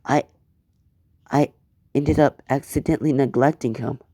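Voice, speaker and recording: A man's voice: mid-range voice, fairly even intonation, a little slow, dark tone, no room sound, studio quality. A man voicing a flustered, guilty mother who stammers defensively.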